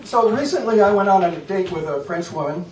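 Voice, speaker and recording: Stand-up comic, American man, high voice, deadpan and self-mocking, roomy distant club recording. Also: fairly quick. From United States. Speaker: stand-up comedian. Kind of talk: stand-up comedy set. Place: comedy club stage. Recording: echoey room from far off, loud noise.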